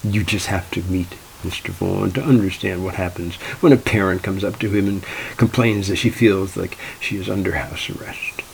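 A man's voice: deep voice, steady tone, moderate pace, gravelly, a little hiss or hum, low-quality recording. A man, a tournament organizer, telling anecdotes in a wry, dry, exasperated way. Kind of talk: anecdotal storytelling.

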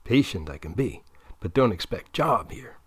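A man's voice: lowish voice, sing-song, normal speed, fairly bright tone, slightly rough, no echo, exaggerated voice. A bored, sardonic teenage boy, as a male audiobook reader puts him on, with dry sarcasm in his delivery. The recording is close and dry.

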